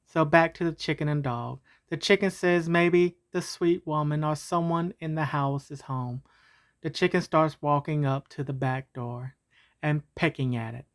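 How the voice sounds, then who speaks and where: A woman's voice: low voice, unhurried. A woman telling a homemade story in a casual, meandering way. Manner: casual, meandering, with fillers and restarts.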